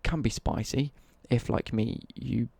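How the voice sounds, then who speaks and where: A man's voice: mid-range voice, measured pace, creaky, mellow, slightly rough, no echo. A young English man telling a rambling childhood story on a livestream, swearing freely and correcting himself mid-sentence.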